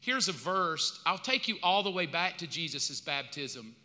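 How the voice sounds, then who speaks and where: A man's voice: on the high side, sing-song, a little slow, sharp tone. A man from the United States preaching a sermon as pastor, in a casual, colloquial way with slang asides. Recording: long reverb of a large hall.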